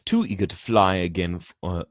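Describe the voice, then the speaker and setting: Man reading aloud, deep voice, stumbles and restarts, chatty asides, dry close mic. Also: expressive, a little fast, no echo. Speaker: reader.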